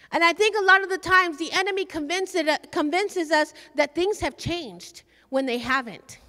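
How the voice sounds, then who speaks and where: Impassioned high-voiced woman preacher. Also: moderate pace, few pauses, pushed and bright. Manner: impassioned, acts out prayers and scripture quotes. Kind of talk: sermon. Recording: long hall reverb.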